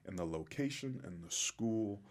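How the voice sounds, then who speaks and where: A man's voice: fairly low pitch, animated, moderate pace. A man in his forties, a podcast guest, telling his story in a reflective, heartfelt and openly emotional way. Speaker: podcast guest, former pro football player. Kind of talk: interview storytelling.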